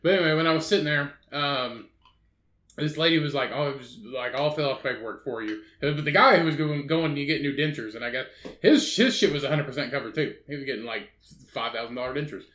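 A man's voice: medium pitch, fast, fairly bright tone, echoey room. A man, co-hosting a casual podcast, telling a story through laughter and acting out the people in it. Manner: laughing, acts out quoted people. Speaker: podcast co-host.

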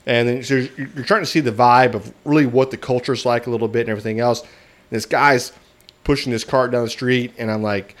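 A man's voice: medium pitch, fairly even intonation, fairly quick. Chatty mid-voiced man telling stories. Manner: chatty, storytelling, laughs often. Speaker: podcast co-host. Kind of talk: casual beer-review chat.

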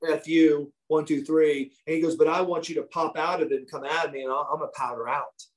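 A man, a former wrestler, telling profane, animated backstage stories as a guest in a casual interview. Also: fairly high pitch, fairly quick.

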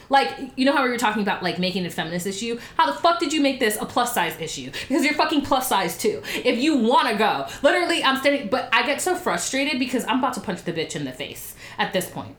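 A woman's voice: fairly high pitch, quick pace, reverberant. A woman casually telling a story, swearing freely and acting out quotes in different voices. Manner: animated, profane, acts out quotes in voices.

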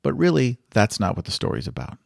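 A man's voice: medium pitch, wildly swooping pitch, brisk, gravelly, no echo, studio quality. A man hosting a travel podcast, telling a story in an earnest, reflective and encouraging way. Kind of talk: storytelling monologue.

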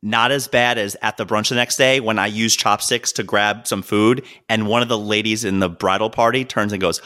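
A man co-hosting a casual podcast, telling stories in an animated way with plenty of swearing and laughter. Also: on the low side, normal speed. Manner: animated storyteller, swears freely, laughs often. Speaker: podcast co-host. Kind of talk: casual chat.

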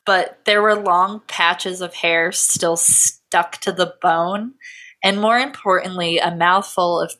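An American woman hosting a podcast, telling a true-crime story in a profane, sarcastic, animated way. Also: fairly low pitch, slow pace. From United States. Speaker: podcast host.

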